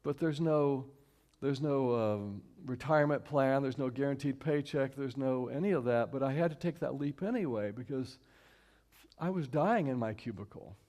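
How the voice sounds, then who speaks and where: A man's voice: medium pitch, warm tone. Man giving an easygoing church sermon. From Houston, Texas. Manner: conversational, repeats key lines slowly, invites the audience to join in. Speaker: guest speaker and singer at a church service. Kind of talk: inspirational sermon talk. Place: church sanctuary, live stream.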